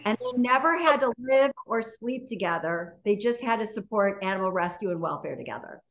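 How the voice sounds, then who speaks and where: A woman's voice: mid-range voice, animated, brisk, fairly bright tone. A woman, a guest on an interview show, telling a story in a chatty, casual way full of "you know" and "like".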